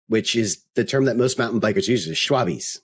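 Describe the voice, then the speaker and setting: A man co-hosting a podcast in casual chat, easygoing and quick to laugh. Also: on the low side, breathy edge. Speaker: podcast co-host.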